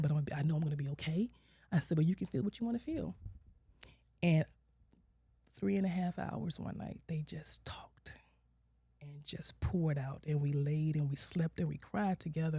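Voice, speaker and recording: A woman in her forties, a social worker, telling her personal story as a podcast guest, candid, acting out her own and her children's words and sometimes dropping to a soft near-whisper. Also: low voice, slightly rough, no room sound. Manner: candid, quotes herself and her kids with lively shifts, drops to soft near-whispers. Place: podcast studio.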